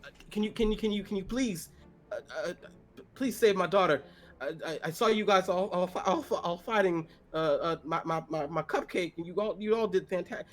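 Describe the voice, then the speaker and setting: A man's voice: high voice, fairly quick, fairly bright tone, pitched above the performer's own voice. A man voicing a panicked old farmer who stammers and begs for help for his daughter. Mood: panicked pleading. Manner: stammering, pleading. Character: panicked old male farmer, frantic father.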